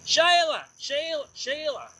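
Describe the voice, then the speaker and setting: Overdone blokey Australian barbecue guy, high and bright, a man doing a jokey voice. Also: very animated, takes it slowly, a little hiss or hum, full character voice, low-quality recording. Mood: mock-bossy. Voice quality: over-the-top fake accent. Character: blokey Australian man yelling at his wife.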